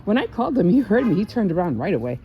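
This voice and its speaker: A woman's voice: mid-range voice, very animated, racing, highs cut off, slight background noise. An older woman chatting casually in a vlog, telling stories with frequent laughs and restarts. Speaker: vlogger. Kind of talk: casual chat.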